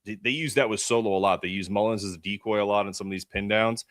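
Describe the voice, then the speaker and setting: Low-voiced man breaking down plays. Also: steady tone, fast talker, a bit bright, no room sound, studio quality. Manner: laid-back, breaks down plays. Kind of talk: casual sports podcast chat.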